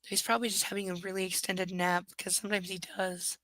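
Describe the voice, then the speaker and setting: A woman with a bright, forward voice reads a novel aloud live from home. She keeps breaking off to add dry, sarcastic commentary. The sound is close and dry with no room echo. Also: mid-range voice, flat delivery, fast talker. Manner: wry, sarcastic asides between read passages. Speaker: reader and host.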